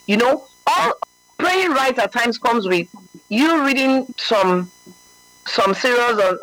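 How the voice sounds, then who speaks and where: A religious speaker, a man, gives a conversational talk in an earnest, emphatic manner, often checking that the listener understands. His voice is high-pitched and a bit bright, and the recording is dry and rough.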